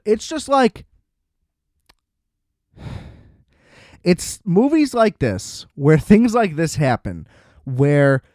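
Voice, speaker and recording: A man hosting a podcast, casually recapping and ranting about a movie with animated, exasperated energy and frequent laughs. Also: on the high side, no echo, studio quality. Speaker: podcast host. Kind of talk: casual movie review rant.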